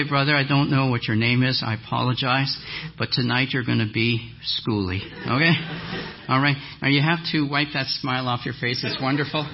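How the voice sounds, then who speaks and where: A man preaching a sermon as a guest speaker, telling a lively story and acting out the voices of the people in it. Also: mid-range voice, muffled recording, noisy background. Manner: animated storyteller, acts out quoted voices. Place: church hall.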